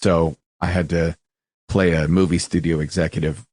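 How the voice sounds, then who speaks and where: Male podcast host, lowish voice, animated, laughs a lot, dead-dry sound. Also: moderate pace, no room sound. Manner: animated, laughing, stumbling restarts. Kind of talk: casual podcast banter.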